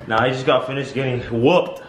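A man's voice: mid-range voice, steady tone, a little fast, background noise. Rowdy young man in an echoey room. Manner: loud, laughing, swearing. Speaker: vlog co-host. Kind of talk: rowdy casual banter.

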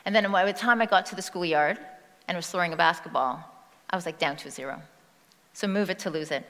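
A woman's voice: lowish voice, fast talker, a bit bright. A woman giving a motivational talk on stage, speaking conversationally and asking the audience questions. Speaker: speaker at a personal-growth conference. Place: stage in a large hall. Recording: long reverb of a large hall.

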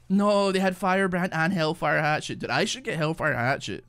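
A man streaming a video game in casual chat, excitable and sweary, breaking into shouts and laughter. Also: fairly high pitch, moderate pace, hardly any pauses. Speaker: gaming streamer. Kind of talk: casual live-stream chat over gameplay. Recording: faint music behind.

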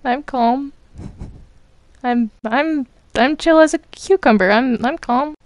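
A woman voicing an excitable cartoon girl in a Minecraft role-play, stammering and insisting she is calm. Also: sits high, slow pace, no echo, voice pushed up. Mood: flustered.

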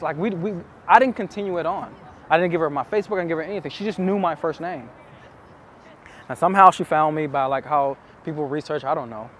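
Man, somewhat high voice, earnest and intimate, outdoors with faint street noise. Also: a bit bright. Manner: earnest, intimate, repeats phrases for emphasis. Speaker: dating coach. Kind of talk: casual storytelling to camera.

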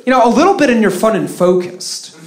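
A man's voice: sits high, expressive, fairly quick. A man from Russia performing live stand-up comedy with a dry, sarcastic delivery. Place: stage in a live comedy venue. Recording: roomy live venue with audience noise.

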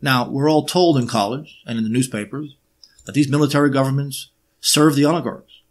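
A man's voice: medium pitch, steady tone, a little fast. Emphatic man with sarcastic rhetorical questions. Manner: frequent hesitations with uh and um. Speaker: presenter. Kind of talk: unscripted history monologue.

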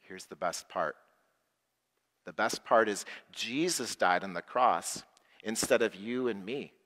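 A middle-aged man preaching a simple sermon to people with special needs, slow and plain, leading the congregation in call-and-response prayers. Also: on the low side, a bit bright. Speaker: pastor. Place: worship hall. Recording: long hall reverb.

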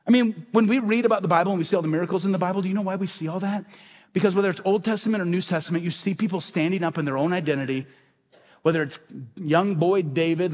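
A pastor delivers a sermon with emphatic repetition, asking questions and answering them himself. His voice sits fairly high for a man. A long church reverb hangs behind him. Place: church sanctuary.

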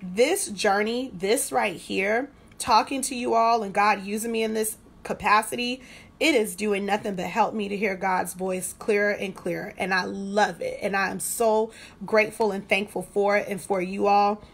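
A woman's voice: medium pitch, fairly even intonation, moderate pace, gravelly, husky. A woman hosting a devotional study, speaking in a conversational, testimonial way and repeating phrases for emphasis. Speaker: devotional host. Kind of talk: devotional teaching.

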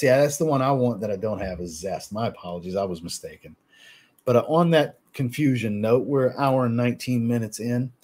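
Husky-voiced man hosting a livestream. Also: medium pitch. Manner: relaxed, reads viewer comments aloud and answers them. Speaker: fragrance livestream host. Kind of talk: casual livestream chat.

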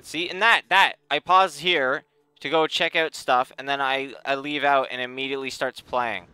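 A man's voice: mid-range voice, steady tone, normal speed, bright, forceful tone, clean tone, no echo. A young man giving exasperated, sarcastic let's play commentary, muttering at the game as he plays. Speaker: gaming channel host.

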